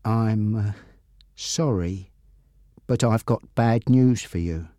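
A man as a quiet, gentle policeman. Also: on the high side, animated, slow pace, no echo, clean studio sound. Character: calm adult male police officer.

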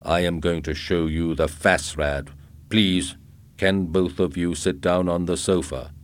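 A man voicing a huge robot salesman who speaks calmly and evenly. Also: dry recording. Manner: calm, measured, low.

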